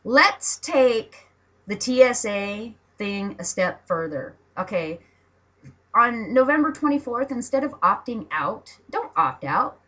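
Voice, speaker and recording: A woman's voice: on the high side, animated, slow, fairly bright tone, lo-fi sound. A woman ranting bluntly and profanely to her viewers in a home vlog, laughing between lines. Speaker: vlogger.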